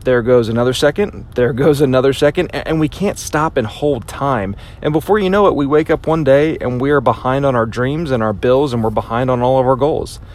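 Speaking fairly quickly with few pauses, a male motivational speaker uses his mid-range voice emphatically. He repeats lines for effect and occasionally performs his inner voice aloud.

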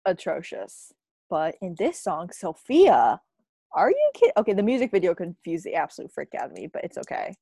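A young woman co-hosting a podcast in casual chat, gushing and animated, saying "oh my God" often. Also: fairly low pitch, normal speed, vocal fry, husky, dry recording, studio quality. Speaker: podcast co-host.

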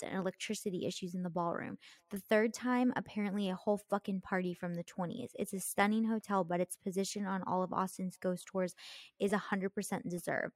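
A young woman co-hosting a casual podcast, reading ghost stories in an animated way, full of fillers and swearing. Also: medium pitch, no room sound, studio quality. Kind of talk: casual chat.

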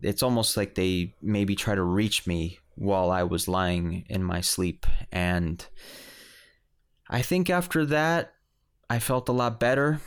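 A man's voice: low-pitched, animated, slow pace, smooth. A man casually telling a personal story on a podcast, rambling with many restarts and fillers.

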